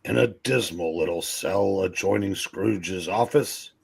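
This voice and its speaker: A man reads a comic book aloud in a storybook narration, low and gravelly with a husky edge. He takes his time, and his pitch moves a lot. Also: a little slow. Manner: storybook reading, jokey asides. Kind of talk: scripted narration, read aloud.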